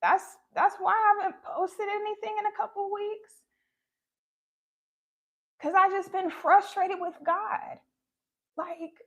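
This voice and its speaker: A woman speaking on a live stream about her faith, halting and emotionally open. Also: very high voice, fairly even intonation, fairly bright tone, muffled recording. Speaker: spiritual content creator.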